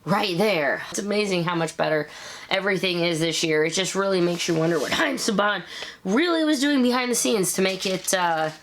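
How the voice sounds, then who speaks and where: A woman in her thirties hosting a casual episode review, chatty and animated, with quick asides. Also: mid-range voice, slight background noise. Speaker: show review host.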